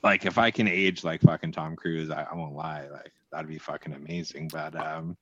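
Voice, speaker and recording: A man's voice: very deep voice, fairly even intonation, normal speed, no room sound, highs cut off. A man co-hosting a casual podcast chat, laid-back and joking, swearing casually. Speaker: podcast co-host.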